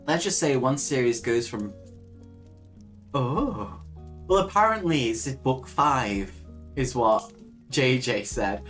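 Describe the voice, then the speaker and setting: A woman's voice: rumbling low, expressive, takes it slowly, pauses often, faint music behind. A young woman hosting a casual live stream, chatting with viewers, reading their comments aloud and laughing often. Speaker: livestream host.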